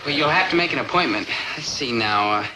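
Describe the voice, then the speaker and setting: An actor playing a wisecracking, lovelorn young American man in a dry, deadpan 1960s sitcom style. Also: medium pitch, fast talker, close to an everyday voice. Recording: noisy old TV soundtrack.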